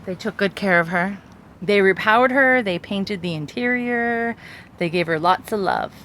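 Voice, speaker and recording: A woman hosting a vlog, giving an excited, giggly tour of a small sailboat she is aboard. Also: mid-range voice, normal speed, a little hiss or hum. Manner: excited, giggly, with frequent laughs. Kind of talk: casual tour walkthrough.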